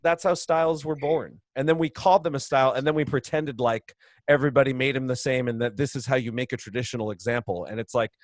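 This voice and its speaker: Man, podcast guest, long chatty explanations, mid pitch, dry close sound, video call audio. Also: quick pace, no echo. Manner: explains at length, chatty, laughs often. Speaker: brewery co-founder guest. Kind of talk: casual podcast interview.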